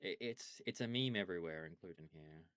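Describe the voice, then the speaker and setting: A man with a very deep voice talks through a game stream in an easygoing way, trailing into small restarts as he explains. The mic is close and the sound completely dry. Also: a little fast, fairly bright tone, no echo. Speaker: streamer co-host. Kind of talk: casual chat while gaming.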